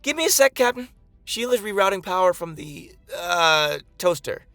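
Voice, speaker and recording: A woman's voice: fairly low pitch, expressive, fairly bright tone, dry recording, faint music behind, voice pushed up. A man doing a breathless woman engineer on comm. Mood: frantic. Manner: hurried, panting. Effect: ship intercom.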